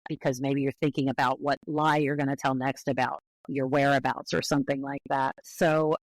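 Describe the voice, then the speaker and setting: An American woman linguist, a podcast guest, explaining patiently and carefully with clear qualifications. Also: rumbling low, flat delivery, normal speed, no echo, rough recording. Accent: American English.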